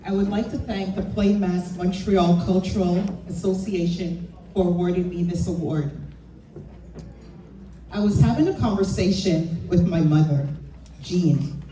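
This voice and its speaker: A woman's voice: lowish voice, unhurried, dark tone, slight background noise. A woman giving a heartfelt, grateful acceptance speech at an awards event. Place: event hall. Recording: echoey hall, distant mic, faint ambience.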